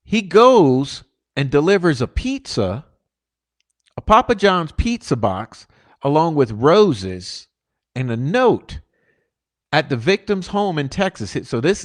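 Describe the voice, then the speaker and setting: A man hosting a channel, reading court documents aloud and breaking in with emphatic asides. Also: on the high side. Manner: emphatic asides, rising when stressing points. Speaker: channel host.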